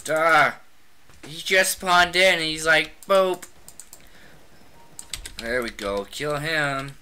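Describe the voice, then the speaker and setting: Excitable trash-talking gamer, piercingly bright tone, unhurried delivery. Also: mid-range voice, a little hiss or hum. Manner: excitable, trash-talking, frequent shouted outbursts. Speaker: gamer playing a shooter. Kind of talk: casual gameplay commentary.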